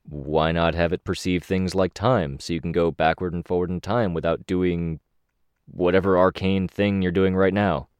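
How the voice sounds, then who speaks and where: Man doing exasperated young guy, complaining, deep voice. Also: fairly even intonation, normal speed, darkish tone, clear, resonant tone, dry recording, close to an everyday voice. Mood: annoyed. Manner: frustrated and complaining.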